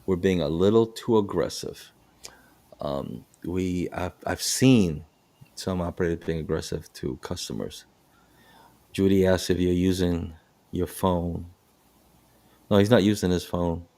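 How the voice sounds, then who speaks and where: Low-voiced bus driver telling stories. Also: male voice, measured pace, pauses often. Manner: animated storytelling with frequent restarts. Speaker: podcast host and bus operator. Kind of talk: casual podcast chat.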